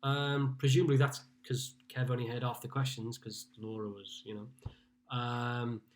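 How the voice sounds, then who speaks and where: A man's voice: medium pitch, little pitch movement, measured pace. Chatty man from Liverpool hosting a quiz. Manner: chatty, greets players by name while reading scores. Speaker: quiz host. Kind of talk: casual live-streamed pub quiz hosting.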